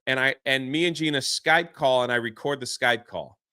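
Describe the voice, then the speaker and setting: A man telling a story as a podcast guest, excitable and quick to act out what others said. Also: medium pitch, clear, resonant tone, no echo, clean studio sound. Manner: excitable, swears mildly, acts out quotes. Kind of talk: animated storytelling.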